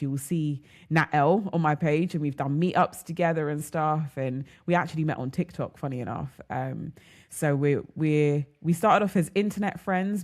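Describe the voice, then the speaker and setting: A woman's voice: sits low, a little mellow. A woman hosting her own solo podcast, chatting in a casual, personal way and calling her listeners girl and ladies. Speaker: podcast host. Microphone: studio mic.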